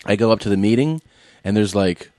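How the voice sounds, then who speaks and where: A man hosting a podcast in casual chat, telling stories with excitement and frequent swearing. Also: on the low side, fairly quick, no room sound. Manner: excitable storyteller, swears freely. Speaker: podcast host.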